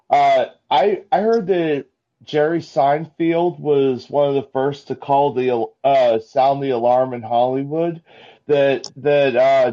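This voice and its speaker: Slow halting guy calling in, kinda high for a man, muffled lo-fi line. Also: mellow. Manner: halting, many restarts, jokey. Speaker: caller. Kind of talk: casual call-in chat. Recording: dull lo-fi call-in line.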